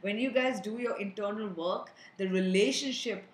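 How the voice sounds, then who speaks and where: A woman speaks earnestly to her viewers, offering spiritual advice in a steady, mid-pitched voice. Her words ring out in a noticeably echoey room. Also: normal speed. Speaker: energy reader and healer. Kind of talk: spiritual energy reading to viewers.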